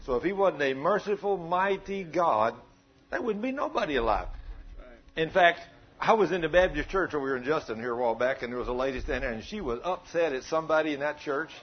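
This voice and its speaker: A man preaching in a folksy, joking drawl, his voice husky and pitched fairly high for a man. The sound is a little dull and lo-fi. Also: animated, brisk. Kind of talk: folksy sermon with storytelling.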